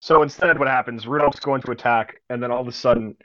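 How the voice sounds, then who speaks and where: A young man running a tabletop game, narrating scenes in a loose, filler-heavy, vivid way. His pitch is middling, and the recording is a bit dull and lo-fi. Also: quick pace, a bit bright. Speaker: game master.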